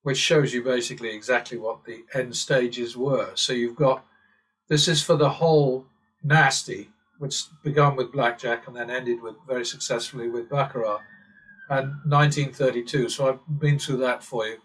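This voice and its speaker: The host of his own channel, an Englishman, rambles through a sardonic monologue, chuckling often as he strays from the subject. His voice is mid-range and a bit bright, with fairly even intonation and normal speed, and he's recorded from a distance.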